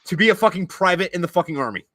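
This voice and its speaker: A man's voice: high-pitched, expressive, very fast, fairly bright tone, no room sound. A man hosting a podcast, ranting heatedly with lots of swearing and stammered restarts. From United States. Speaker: podcast host. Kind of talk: casual podcast chat. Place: video podcast recording.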